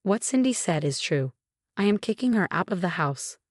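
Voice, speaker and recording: A woman's voice: fairly low pitch, lively intonation, moderate pace, dry recording, clean studio sound. A woman voicing a domineering, manipulative older mother-in-law who complains indignantly.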